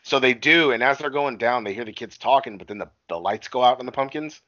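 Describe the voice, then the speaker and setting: In a casual podcast chat, this male co-host speeds through a movie recap, his medium-pitched voice sharp as he swears heavily, rambles and acts out quotes. The audio is dull, with no echo.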